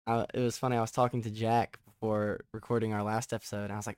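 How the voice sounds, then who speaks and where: A young man hosting a casual sports podcast who gets excited, rambles and often restarts his sentences. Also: on the low side, quick pace, few pauses, clean tone, no room sound, studio quality. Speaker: podcast host.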